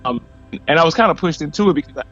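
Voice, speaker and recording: A man in his forties from Missouri, a podcast guest telling a personal story in a lively, casual way and acting out what people said. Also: on the high side, racing. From Missouri, USA. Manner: animated, acts out quoted dialogue. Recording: dull lo-fi audio with faint music.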